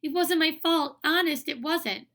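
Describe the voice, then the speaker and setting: Woman doing a shrill whiny young girl. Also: normal speed, pushed and bright. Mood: upset. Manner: whining, shrill.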